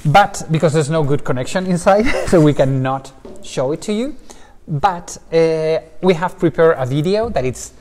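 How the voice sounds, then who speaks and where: Lively man guiding through an echoing cloister. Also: a little high, moderate pace. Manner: lively, explaining with asides. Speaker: tour guide. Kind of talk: casual guided tour. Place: stone cathedral cloister, indoors. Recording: long reverb of a stone cloister.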